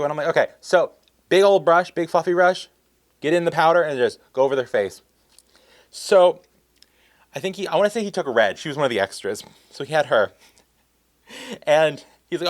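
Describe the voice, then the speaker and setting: A man casually telling a story about a film shoot, animated and acting out what others said. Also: a little high, fairly quick, long pauses, dry recording, studio quality. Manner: animated, acts out quotes. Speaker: storyteller vlogger.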